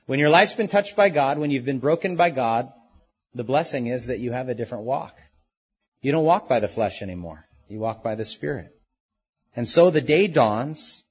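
A man preaching a sermon in a husky, slightly breathy voice, earnest and deliberate. He lingers on key words and lets them settle. The recording sounds dull and lo-fi. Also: fairly high pitch. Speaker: pastor. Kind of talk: expository sermon.

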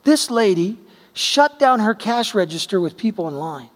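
A man's voice: high voice, big pitch swings, moderate pace, long reverb tail. A man preaching a sermon, telling stories with acted-out quotes in a conversational, emphatic way. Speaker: pastor.

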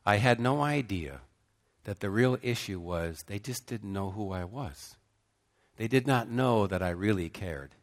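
A middle-aged man preaching, telling a story with emphatic swings between loud bursts and hushed, slow passages. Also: lowish voice. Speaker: pastor. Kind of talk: sermon storytelling.

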